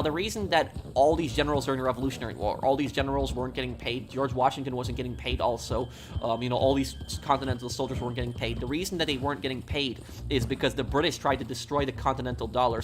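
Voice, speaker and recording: A man streaming a game, talking casually in a rambling way, with many ums, uhs and restarts. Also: mid-range voice. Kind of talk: casual live-stream talk. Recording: steady background noise.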